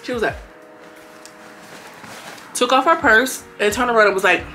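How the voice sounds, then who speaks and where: A young woman giving a casual recap of a reality show, animated and slangy, often slipping into voices for the people she quotes. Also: fairly high pitch, normal speed, soft background music. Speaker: reality TV reviewer.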